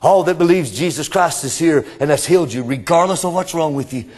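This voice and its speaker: A man preaching a revival sermon, swinging between shouting and hushed whispers. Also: fairly high pitch, brisk, big-room sound. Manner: addresses congregation members as brother. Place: church.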